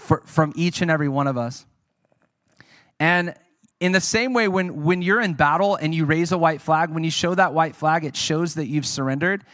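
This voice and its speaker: A man's voice: on the high side, fairly bright tone, no room sound, clean studio sound. A man preaching a sermon, telling his own testimony in an earnest, conversational way and speaking to the audience.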